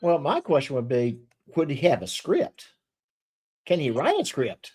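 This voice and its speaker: A man hosting an easygoing livestream talk show. His voice swings widely in pitch as he jokes with guests, stumbling through fillers and restarts. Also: measured pace, husky. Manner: animated, jokey, many fillers and restarts. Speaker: livestream host. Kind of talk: casual chat.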